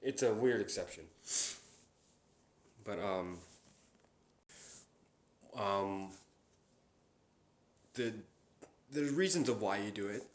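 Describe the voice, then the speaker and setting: A man's voice: lowish voice, slow pace, pauses often. A young man hosting a casual solo chat. He rambles, with many fillers and restarts. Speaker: podcast host. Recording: roomy echo.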